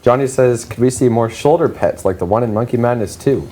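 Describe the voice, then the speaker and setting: A man's voice: medium pitch, fairly quick, mellow, husky. A man hosting a casual panel chat, reading out viewer questions and laughing often. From not from Canada.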